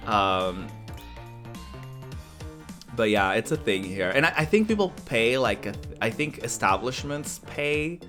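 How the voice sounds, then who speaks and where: A man rambles through a casual livestream chat with a mid-range voice, stumbling over filler words as he tells his stories. Behind him, music plays very quietly. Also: medium pitch, measured pace, pauses often. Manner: animated storytelling, laughs often. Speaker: streamer.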